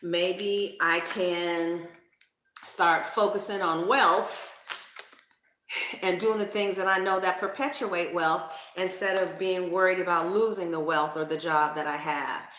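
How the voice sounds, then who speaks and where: A woman's voice: fairly low pitch, fairly even intonation, slow pace, fairly bright tone. A woman reading tarot cards in a casual, slangy, profane way. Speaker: tarot reader. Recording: roomy echo.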